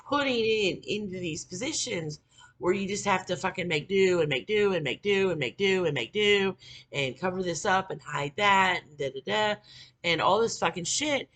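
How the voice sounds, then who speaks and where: A vlogger in their forties delivers a casual, bitter rant packed with swearing and filler words. Their voice sinks to low mutters and then climbs into shouts.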